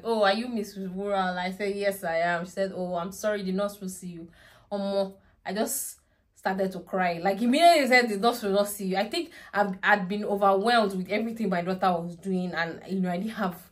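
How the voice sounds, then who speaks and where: Animated mum telling a story. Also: female voice, medium pitch. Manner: animated, dramatic retelling with laughs and prayerful asides. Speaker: vlogger, mother of a toddler. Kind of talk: casual storytelling vlog.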